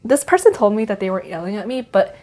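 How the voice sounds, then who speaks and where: A young woman tells a personal story in casual chat, stopping often to restart her sentences. Her pitch sits in a middle range for a woman. She sounds unhurried and conversational. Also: very animated, darkish tone, soft background music. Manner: hesitant, many fillers and restarts. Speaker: co-host of a church life vlog.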